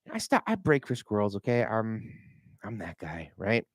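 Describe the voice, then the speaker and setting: A man's voice: lowish voice, normal speed, dry recording. Rambling man, dry close sound. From Minnesota. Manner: animated storytelling, mimics voices, swears freely. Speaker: realtor vlogger. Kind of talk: rambling casual vlog.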